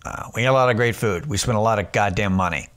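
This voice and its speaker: A man's voice: lowish voice, fast, a bit bright. A man hosting a casual solo podcast, telling rambling, profane stories with lots of restarts. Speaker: podcast host.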